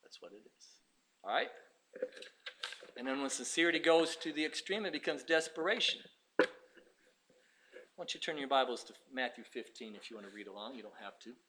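A man preaching a sermon with passion, swinging from shouted bursts to hushed, quiet stretches. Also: mid-range voice, animated, a little fast, long pauses, a little hiss or hum.

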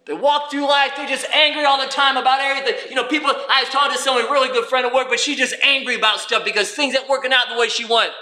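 High, bright-voiced preacher in a roomy space. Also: male voice, quick pace, few pauses. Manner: animated preaching with rhetorical questions and acted-out quotes. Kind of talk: sermon.

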